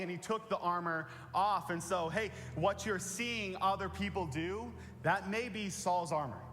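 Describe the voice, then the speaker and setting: Pastor, man, slightly high voice, conversational sermon with repeated key lines, long church reverb. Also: unhurried, hardly any pauses, fairly bright tone, faint music behind. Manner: earnest, plain-spoken, repeats key phrases. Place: church sanctuary.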